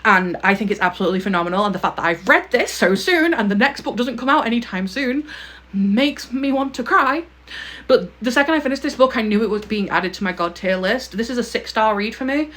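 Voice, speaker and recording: A woman's voice: mid-range voice, lively intonation, quick pace, hardly any pauses, a bit bright. A young woman talking casually to camera about her favourite books, gushing and emphatic, often ending a point with a pointed "okay?". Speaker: book vlogger.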